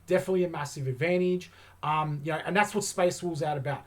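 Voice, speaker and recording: A man's voice: fairly high pitch, fast. A man hosting a wargaming channel, talking through tabletop game rules in a casual, enthusiastic way and thinking aloud with lots of fillers.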